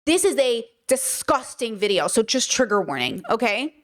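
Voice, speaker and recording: A woman's voice: fairly high pitch, very animated, moderate pace, very noisy. A woman hosting a reaction commentary video, talking bluntly and emphatically, with frequent swearing.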